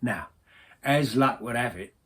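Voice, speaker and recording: A man's voice: mid-range voice, expressive, a little slow, a bit bright, slightly rough. A middle-aged man telling a story in a chatty, slangy monologue full of tag questions.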